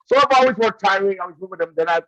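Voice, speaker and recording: A man with a fairly high voice tells rambling stories and breaks into laughter again and again. The sound is dry and a bit dull, like a lo-fi recording. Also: fast, a bit bright, no echo. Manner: laughs often while telling stories. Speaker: guest wrestler. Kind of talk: casual storytelling.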